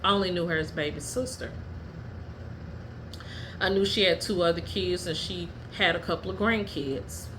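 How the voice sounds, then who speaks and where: A woman hosting her own podcast, telling personal stories in a blunt, profane and heated way, at times dropping low and quiet. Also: moderate pace, long pauses, background noise. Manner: drops low and quiet when telling family matters. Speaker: podcast host. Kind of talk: candid personal storytelling.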